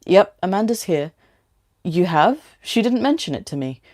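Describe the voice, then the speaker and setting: Gentle caring father, soft reassuring delivery, mellow low tone, read by a woman in her own voice. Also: expressive, normal speed, lightly acted.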